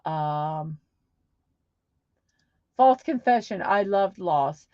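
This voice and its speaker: A woman hosts a casual livestream, chatting upbeat and reading comments aloud. Her voice sits fairly high and she talks slowly. The sound is dry and a bit dull and lo-fi. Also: lively intonation, no echo. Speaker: livestream host.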